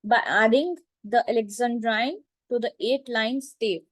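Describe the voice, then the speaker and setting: Woman teacher, higher voice, very slow deliberate delivery, repeats herself. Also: fairly bright tone, no echo, low-quality recording. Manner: slow, repetitive, checks understanding with "right?" and "clear?". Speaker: literature teacher. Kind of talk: classroom lecture.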